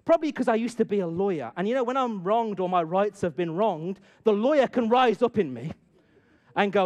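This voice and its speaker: A middle-aged man telling a personal story to an audience and drawing a lesson from it, swinging from loud bursts to hushed asides. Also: high-pitched, animated, a little fast. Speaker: speaker addressing an audience. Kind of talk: storytelling talk with a moral.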